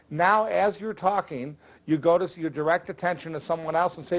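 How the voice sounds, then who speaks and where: An older man talks through magic tricks in a loose, conversational way, full of jokes and filler words. His voice sits a little high for a man. He sounds like a veteran teaching fellow performers. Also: brisk. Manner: chatty, jokey, with filler words. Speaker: magic instructor. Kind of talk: casual instructional talk.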